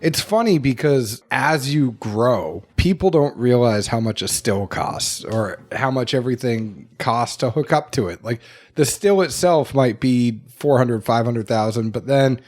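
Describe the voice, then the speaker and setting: A man's voice: mid-range voice, expressive, unhurried, darkish tone. A man hosting a podcast, chatting casually and asking curious questions with a joking tone. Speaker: podcast host.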